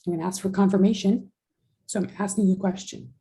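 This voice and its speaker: Brief: female teacher, dark gravelly voice, patient step-by-step explanations, video call. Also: mid-range voice, steady tone, quick pace, rough recording. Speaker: sign language teacher. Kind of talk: online class instruction.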